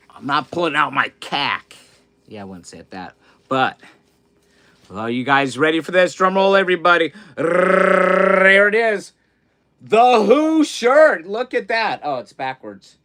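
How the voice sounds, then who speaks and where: A middle-aged man chats on his livestream in a rambling, candid way, his voice sitting in an ordinary middle pitch. He stumbles and repeats words, sinking to near-whispers when sad and leaping up loud when excited. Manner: rambling and candid, swinging between hushed grief and loud excitement; self-interrupting, repeats words. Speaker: livestream host. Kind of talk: casual livestream chat.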